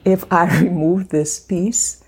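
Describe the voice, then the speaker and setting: A woman with a Liberian accent giving a slow, deliberate devotional talk as the host of a faith channel, dropping into soft whispered asides. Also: on the low side, fairly even intonation, a little hiss or hum. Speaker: faith vlogger.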